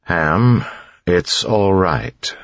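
A man's voice: low voice, animated, normal speed, husky, dry recording, lo-fi sound. Man reading as an earnest young king.

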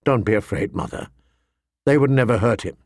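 A man voicing a gentle, steady teenage lord. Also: brisk, no room sound, studio quality. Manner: calm, gentle, low reassurance.

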